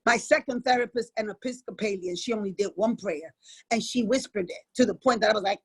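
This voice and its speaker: A woman's voice: medium pitch, fairly quick, slightly rough, poor audio. A woman guest on a video-call panel, speaking in an emphatic preaching cadence. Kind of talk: impassioned faith testimony.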